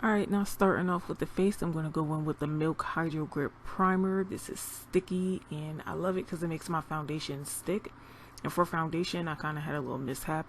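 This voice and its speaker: A young woman talking casually as a beauty vlogger, walking through her makeup routine in a chatty, relaxed way. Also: low voice, creaky, slight background noise. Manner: chatty, relaxed, talks while applying makeup. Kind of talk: casual makeup tutorial narration.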